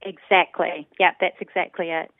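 Speaking on a tinny phone line with no room sound, this New Zealand woman has a lowish voice and a level tone. She's a linguist answering interview questions, explaining things thoughtfully and deliberately, with plenty of ums.

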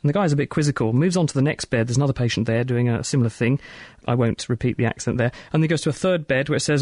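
A man hosting a science radio show from the studio, quick, chatty and jokey. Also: mid-range voice, a little mellow, no echo.

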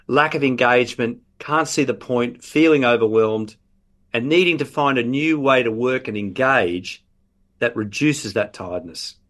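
Australian male academic guest, lively explainer, acts out examples in quotes. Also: mid-range voice. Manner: animated explaining, quoting imagined patients. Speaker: professor, guest expert. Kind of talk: radio interview.

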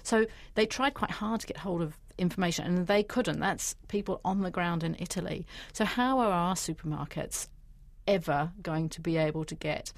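Kiwi woman journo chatting on radio, lowish voice, dry studio sound, talks fast then slow. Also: no room sound. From New Zealand. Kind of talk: conversational radio interview.

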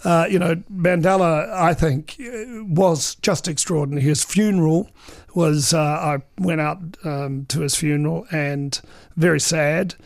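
A man's voice: a little high, unhurried, gravelly, no echo, studio quality. A man, a veteran political journalist telling anecdotes in an interview, chatty and full of ums and uhs.

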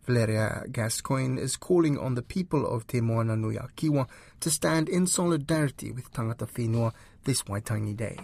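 A man reading scripted news in a measured, formal way. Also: mid-range voice, creaky, a little mellow. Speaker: news presenter. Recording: dry studio.

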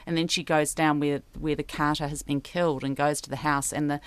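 Brief: New woman, radio guest, low smooth voice, dry close sound, eager and reflective. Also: flat delivery, a little fast, no echo. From New Zealand. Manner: enthusiastic, thoughtful, frequent restarts. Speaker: radio interview guest, poet. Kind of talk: casual radio conversation.

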